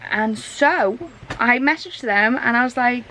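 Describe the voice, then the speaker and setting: A woman's voice: fairly high pitch, unhurried, pushed and bright, poor audio. A woman vlogger chatting casually and rambling, self-deprecating, while suffering from a migraine. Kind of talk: casual chat vlog.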